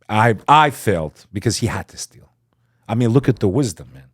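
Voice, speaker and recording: A low-pitched man speaks as a guest on a podcast, recounting a story with real conviction. His voice rises to loud, pressing emphasis, then drops to a hushed near-murmur. The sound is dry and close, with no room around it. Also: lively intonation, moderate pace, no room sound. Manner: fervent, swings between loud emphasis and hushed asides; acts out quoted speech. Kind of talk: impassioned storytelling in conversation.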